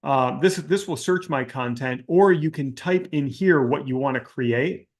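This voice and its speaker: A man's voice: mid-range voice, measured pace. A man coaching an online class in a live Q&A, ranting with exasperation and mimicking people in mocking quotes, then walking through a screen-share demo. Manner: calmer screen-share tutorial delivery. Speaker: business coach hosting a live Q&A.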